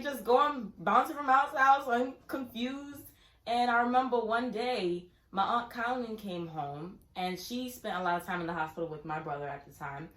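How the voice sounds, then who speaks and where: Animated woman in an echoey room. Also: medium pitch, moderate pace. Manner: animated, acts out her younger self in quoted questions. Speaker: vlogger telling a family story. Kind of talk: casual storytelling.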